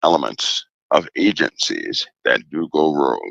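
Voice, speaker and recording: A man speaking as a guest commentator in a casual interview, deliberate and emphatic, repeating key phrases. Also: very deep voice, very animated, vocal fry, a bit bright, dry recording, lo-fi sound.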